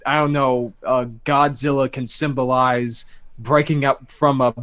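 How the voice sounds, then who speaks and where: A man chatting casually on a podcast over a voice call, excitable and swearing, often stumbling and restarting his sentences. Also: medium pitch, unhurried, clean tone.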